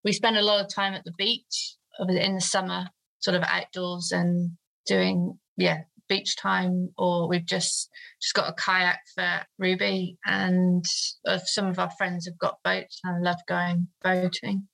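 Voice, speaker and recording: A woman's voice: fairly low pitch, little pitch movement, measured pace, vocal fry, fairly bright tone, rough recording. A woman in her thirties, a guest in an interview, talking hesitantly with many fillers. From United Kingdom. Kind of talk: conversational interview.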